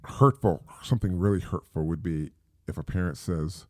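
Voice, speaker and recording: A man's voice: low voice, moderate pace, no room sound, clean studio sound. A middle-aged man hosting a solo podcast, talking in a rambling, casual way with many fillers and repeats. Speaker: podcast host.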